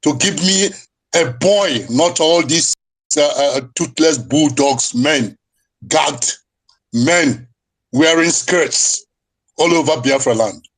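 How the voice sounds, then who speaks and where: A man giving an impassioned speech in an online audio room, fiery and rising to shouts, mocking his critics in put-on voices. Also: on the high side, takes it slowly. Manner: mocks others in quoted voices.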